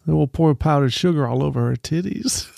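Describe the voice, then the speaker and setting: A player making deadpan jokes and suggesting silly moves in a story game. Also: mid-range voice, fairly quick, creaky, dry recording, studio quality. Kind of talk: joking banter over a game.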